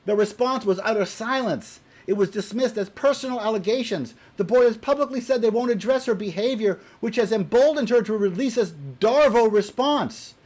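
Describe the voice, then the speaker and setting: High-voiced man ranting angrily. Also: moderate pace, few pauses. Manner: profane, exasperated, repeats himself when angry; shifts between loud outbursts and muttered asides. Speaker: video blogger. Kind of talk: heated opinion rant to camera.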